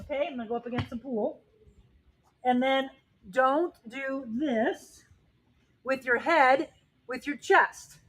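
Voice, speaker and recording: A fitness coach and host, she demonstrates a workout live beside a pool, a bit breathless yet energetic, motivating viewers and reading their comments. Her voice is high-pitched and slightly rough, slow with long pauses and no room sound, though loud background noise and clicks are present.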